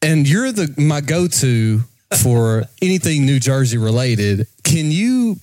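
A man's voice: medium pitch, big pitch swings, slow pace, a little mellow, no room sound. A man in an old podcast clip, playfully introducing a guest in casual chat.

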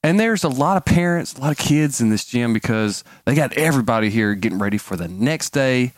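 A man telling a funny story about his daughter, animated and quick to laugh. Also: mid-range voice, dry recording, studio quality. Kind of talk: casual anecdote.

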